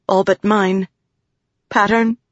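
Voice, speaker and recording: An audiobook narrator voicing a determined, quick-thinking young woman, in a dull, dry recording. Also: mid-range voice, flat delivery, no echo, pitched above the performer's own voice, lightly acted. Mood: urgent.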